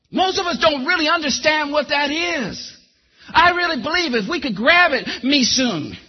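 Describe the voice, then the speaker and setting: A man's voice: very high voice, husky, muffled recording. A man preaching a sermon and giving a testimony, calling listeners by name and asking them questions.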